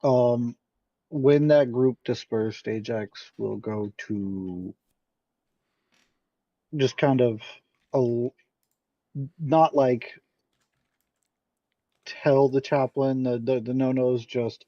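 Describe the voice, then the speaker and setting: A man playing a tabletop game who talks haltingly, restarting his sentences, over a dull lo-fi mic. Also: medium pitch. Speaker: player.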